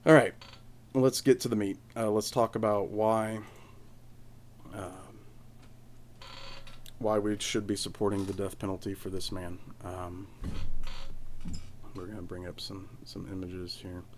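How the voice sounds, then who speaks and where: A man's voice: low voice, little pitch movement, a little slow, pauses often, darkish tone, a little hiss or hum. A man hosting a casual solo podcast from home, rambling with many restarts and fillers. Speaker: podcast host.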